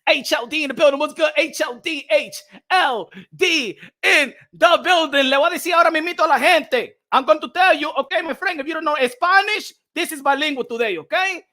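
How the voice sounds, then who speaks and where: A man's voice: very high voice, brisk, few pauses, sharp tone. A man hosting a boxing channel, giving a fiery livestream rant that switches between Spanish and English and repeats phrases for emphasis.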